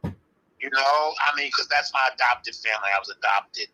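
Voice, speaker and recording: An older man, calmly and firmly explaining history as an interview guest. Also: mid-range voice, rough recording. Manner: firm, measured, explaining insistently. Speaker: interview guest, early hip-hop practitioner. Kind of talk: live online interview.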